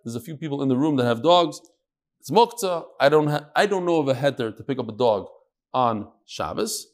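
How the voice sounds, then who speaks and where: A man's voice: mid-range voice, animated, a little fast. A man teaching an informal Talmud class in a room with listeners, chatty, with joking asides and Hebrew and Yiddish terms.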